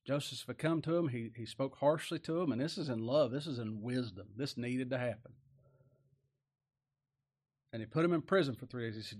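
A man with a medium-pitched voice preaches a folksy sermon, tossing in rhetorical tag questions and alternating between loud, emphatic lines and quiet, slowed-down asides.

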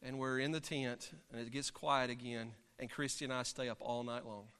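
A man, a pastor, preaching and telling a story from the pulpit in an animated, dramatic way, heard in a church sanctuary. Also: medium pitch, normal speed, smooth. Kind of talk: sermon storytelling. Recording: long reverb of a large hall.

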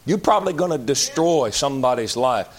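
A man preaching a sermon in a folksy, emphatic way, jumping to loud outbursts and dropping to low, slow asides. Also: animated. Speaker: pastor.

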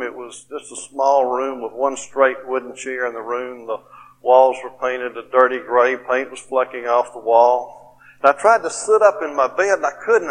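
A man's voice: mid-range voice, fairly bright tone. A middle-aged man preaching at a conference, telling a personal story in a folksy way and often saying "you know". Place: conference hall. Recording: long hall reverb.

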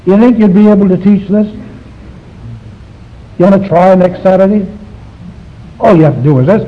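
A man's voice: sits high, moderate pace. A man teaching a Bible study to a live class, emphatic and full of rhetorical questions. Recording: dull lo-fi recording.

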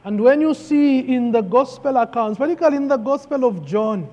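A man's voice: very high-pitched, warm tone. A man preaching a sermon, emphatic and repeating key phrases for weight. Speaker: pastor. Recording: long hall reverb.

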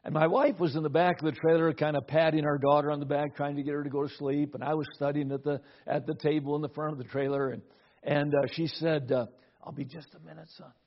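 A man's voice: fairly high pitch, flat delivery, fast talker. A middle-aged man preaching a sermon, telling a family story with repeated words at the start of phrases. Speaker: pastor. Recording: dull lo-fi recording.

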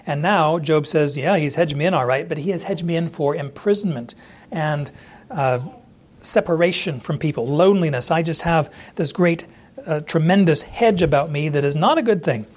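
A man's voice: fairly high pitch, moderate pace. A man teaching through a Bible passage verse by verse in a conversational way, acting out the quoted speakers as he goes. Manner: conversational, acts out quoted lines with restarts.

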